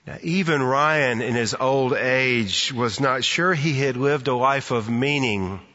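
A man preaching a sermon, unhurried, with a bright, forceful tone. He tells stories and drops to a soft hush for emphasis. His voice comes through slightly muffled, with a long echo from a church hall. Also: mid-range voice. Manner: storytelling, slows and softens for emphasis.

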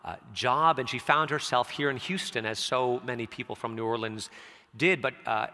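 A man preaching a sermon in a conversational way, dropping soft and low, then rising when he quotes scripture. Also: steady tone, moderate pace. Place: church sanctuary. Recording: church hall reverb.

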